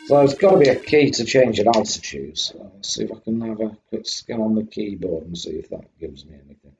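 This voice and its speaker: Creaky and on the low side, this man's voice has a darkish tone. He's a chatty retro-game streamer who calls out chat viewers by name and battles a coughing fit, all over dull lo-fi audio carrying a faint hum.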